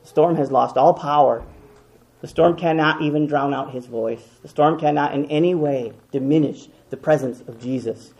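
Gravelly high-voiced preacher. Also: male voice, moderate pace. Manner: impassioned, swinging from loud emphatic repetition to hushed quiet. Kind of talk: sermon.

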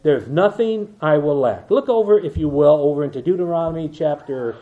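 An older man preaching an evening sermon, reading scripture slowly with emphasis and dropping into quiet asides. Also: on the high side, expressive. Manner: reads King James verses slowly and with emphasis, asides in a dropped voice. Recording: dull lo-fi church recording.

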